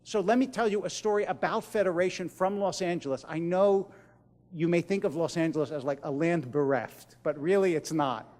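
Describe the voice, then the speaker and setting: A middle-aged man, a rabbi, telling stories in a speech to a large audience, pausing for effect and dropping to a hush on the key lines. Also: a little high, big-room sound. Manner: dramatic pauses, drops to a hush at key lines. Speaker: rabbi giving a keynote speech. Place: large event hall.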